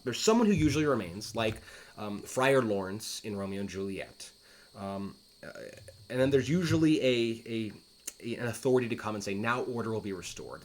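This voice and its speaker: A man teaching a play, reading its lines aloud and paraphrasing them in a conversational way, with frequent fillers and restarts. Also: medium pitch. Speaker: teacher explaining Shakespeare. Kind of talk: casual explanatory lesson reading aloud.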